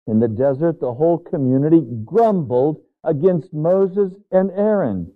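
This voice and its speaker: Guy preaching a bible sermon, kinda high voice, earnest and emphatic, sounds like a tinny phone line. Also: lively intonation, measured pace. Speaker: pastor.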